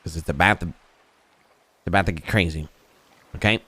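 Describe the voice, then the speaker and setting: A man's voice: low-pitched, normal speed, pushed and bright, a little hiss or hum. A man talking in character during a roleplay game, rambling and swearing, padding his lines with "you know what I mean.". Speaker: roleplay gamer.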